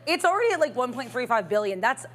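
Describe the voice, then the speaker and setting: A woman's voice: a little high, very animated, fast, fairly bright tone. A woman co-hosting a live trading stream, talking casually and chattily with lots of filler words. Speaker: co-host. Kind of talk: casual market chat.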